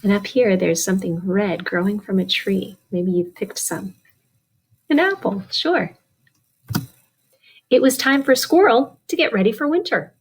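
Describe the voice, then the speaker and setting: A woman's voice: fairly high pitch, lively intonation, a little slow, husky. A woman librarian reads a picture book aloud at children's storytime, asking young listeners questions and answering for them.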